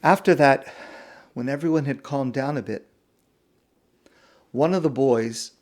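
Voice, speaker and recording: A man, a rabbi, telling a story in a sermon, slow and hushed with dramatic pauses. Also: medium pitch.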